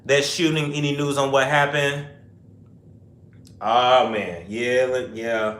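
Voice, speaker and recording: A man's voice: medium pitch, fairly even intonation, takes it slowly, fairly bright tone. A young man hosting a casual livestream chat, reading viewer comments aloud and answering in rambling asides. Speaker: host. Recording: echoey room.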